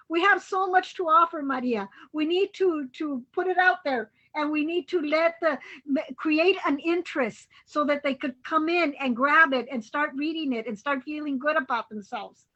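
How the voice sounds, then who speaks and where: A woman's voice: high-pitched, moderate pace, sharp tone. An older woman, chatting in a rambling way on a video call with many fillers. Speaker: panelist. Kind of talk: casual chat on a video call. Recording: dull lo-fi video call audio.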